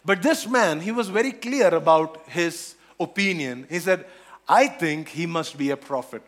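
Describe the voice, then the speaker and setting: High-voiced man preaching a sermon. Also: normal speed. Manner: animated, repeats phrases, acts out quoted voices. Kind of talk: sermon on scripture.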